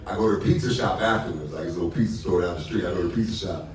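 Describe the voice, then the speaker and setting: A comedian telling stories in casual stage chat, animated and laughing often. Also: male voice, low-pitched, very fast, a little hiss or hum. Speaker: comedian on a live stage talk. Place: theater with live audience. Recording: roomy theater sound from a distant mic, audience.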